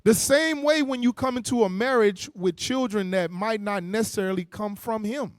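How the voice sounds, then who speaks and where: A man preaching a sermon in a lively, conversational way, using with slang, quick restarts and playful mocking asides. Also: high voice, no room sound, clean studio sound. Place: church meeting hall.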